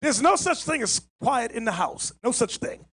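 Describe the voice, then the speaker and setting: A man preaching outdoors, loud and emphatic, mocking his subject and often shouting. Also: extremely high pitch, sing-song, normal speed, breathy edge. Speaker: street preacher. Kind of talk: open-air sermon with Bible reading. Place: outdoors on a public green.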